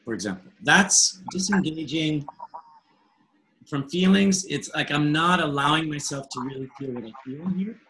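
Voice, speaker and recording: A man's voice: a little high, normal speed, a little hiss or hum, poor audio. A man leading a webinar as a coach, talking casually and acting out dialogues with clients. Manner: animated, acts out client dialogue, laughs often. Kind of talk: casual teaching talk.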